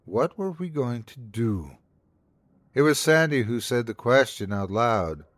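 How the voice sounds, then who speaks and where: A man's voice: mid-range voice, expressive, measured pace, no room sound. A man hosting a podcast, giving dramatic scripted narration of a horror story.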